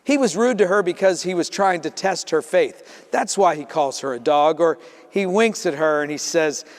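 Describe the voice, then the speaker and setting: A man preaching a sermon as pastor, telling the story in a lively way and acting out the voices in it. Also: high-pitched. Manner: storytelling, acts out voices in quotes. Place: church sanctuary. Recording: reverberant church sanctuary.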